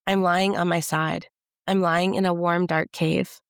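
A woman giving a measured, intimate first-person audiobook narration. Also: fairly low pitch, flat delivery, no echo, studio quality.

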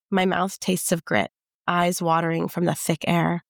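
Low gravelly woman narrating an audiobook. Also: level tone, normal speed, no room sound, clean studio sound. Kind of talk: first-person audiobook narration.

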